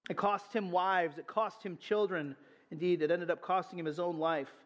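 High-voiced man preaching a sermon. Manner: earnest, animated preaching with quick asides. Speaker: pastor.

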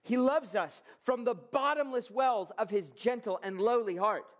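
A man preaching a sermon with fervor, rising loud and high to stress his points. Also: a little slow. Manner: fervent preaching, swells loud and high for emphasis. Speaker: pastor.

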